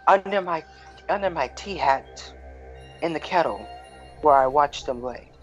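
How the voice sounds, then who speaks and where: A man's voice: on the high side, lively intonation, measured pace. A man chatting with a friend over a game, laid-back and amused, swearing casually. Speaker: gaming friend. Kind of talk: casual chat over gameplay. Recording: muffled lo-fi audio with faint music.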